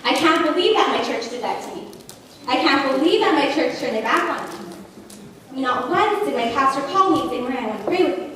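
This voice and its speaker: A woman's voice: high voice, lively intonation, fairly quick, a bit bright. A woman preaching a sermon to a church, pleading and emotional, building through repetition. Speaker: guest preacher. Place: church sanctuary. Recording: echoey church hall from far off, congregation audible.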